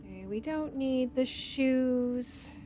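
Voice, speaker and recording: A woman's voice: high voice, slow, warm tone, slight background noise. A middle-aged woman chatting casually through her gameplay as a streamer, humming and singing little tunes under her breath. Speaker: game streamer.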